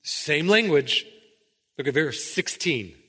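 Bright, forceful preacher in reverberant hall. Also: male voice, on the high side, expressive, slow, slightly rough. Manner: emphatic, keeps asking "right?". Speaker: pastor. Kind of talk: sermon.

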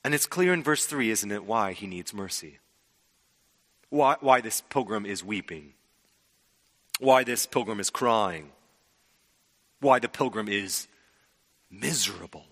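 A man preaches a sermon in a bright, ringing voice. He pushes some words out loudly and lets others fall to a near-whisper. His voice carries a long reverb from a large hall. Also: fairly low pitch, a little slow, long pauses. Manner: expressive preaching, swings from loud to hushed. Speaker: pastor.

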